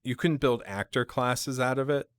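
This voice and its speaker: A man's voice: medium pitch, moderate pace, clear, resonant tone, no echo. A man hosting a casual chat, talking hesitantly with many fillers and restarts. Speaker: show host.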